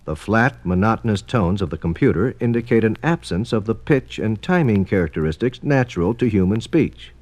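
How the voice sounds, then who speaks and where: Formal male narrator, lively intonation, dry close sound, scripted documentary read. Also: lowish voice, a little fast, few pauses, no echo, faint music behind. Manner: formal, explanatory.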